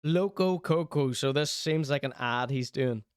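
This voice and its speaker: A man's voice: mid-range voice, measured pace, clean tone. A man hosting a casual show, reacting to clips with chatty, teasing asides.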